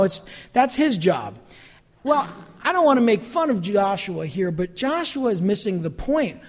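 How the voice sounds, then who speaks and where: A man's voice: high-pitched, a little mellow, long reverb tail. A pastor delivering a sermon in a church, talking animatedly and acting out the voices of people he quotes.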